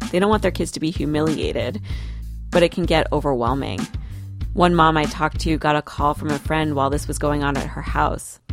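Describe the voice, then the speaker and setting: A woman reporter telling a story in measured, scripted radio narration. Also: deep voice.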